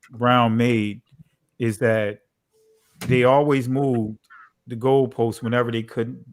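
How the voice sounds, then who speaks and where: New Jersey pastor in casual talk. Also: male voice, mid-range voice, no room sound, studio quality. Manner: conversational, frequent "you know" fillers. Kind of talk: casual online discussion.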